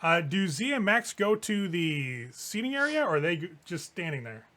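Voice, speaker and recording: Man, game master, tabletop narration, fairly high voice, profane, casual. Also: big pitch swings, moderate pace, sharp tone. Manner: loose, profane, laughing narration.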